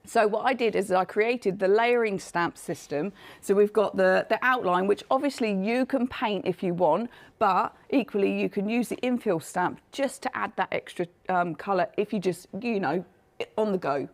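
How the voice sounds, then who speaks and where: A woman with a hoarse, failing voice, chattily presenting her craft collection on a live shopping show. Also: mid-range voice, moderate pace. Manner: chatty, self-deprecating, laughs often. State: coughing, losing her voice.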